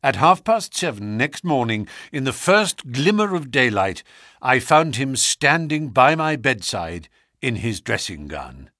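A man narrating a classic novel audiobook in a measured storytelling manner. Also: no room sound, studio quality. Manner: measured storytelling with expressive pitch.

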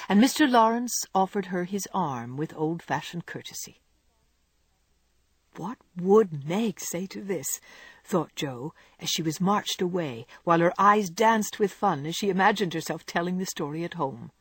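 An audiobook narrator reading a classic novel aloud, with a measured and expressive delivery. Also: medium pitch, breathy edge, dry recording. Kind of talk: scripted narration.

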